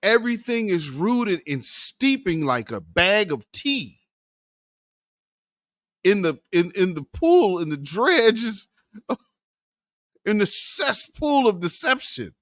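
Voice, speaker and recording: A man's voice: sits high, very animated, slow pace, long pauses, fairly bright tone, no echo, clean studio sound. A man hosting a political commentary vlog, impassioned and preachy, calling his viewers family and brother. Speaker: commentary channel host.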